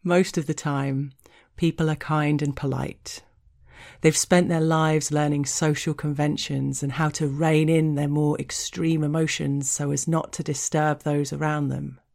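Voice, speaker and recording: Low-voiced woman, slow, frank and teasing storyteller for adult audio. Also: level tone, vocal fry, darkish tone. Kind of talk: explicit first-person story narration.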